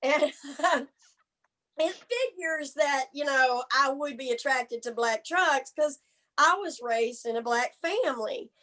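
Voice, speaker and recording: This stand-up comic's voice is high-pitched and fairly bright, and she speaks slowly, caught on a low-quality recording. Her act is raunchy, brassy and folksy, with punchlines she draws out on stage.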